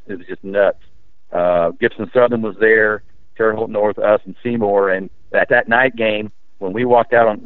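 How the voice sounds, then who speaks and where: Man, former high school player, rambling storyteller, low voice, dry phone-line audio. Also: no echo. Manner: rambling, frequent restarts and fillers. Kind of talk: storytelling in a casual interview.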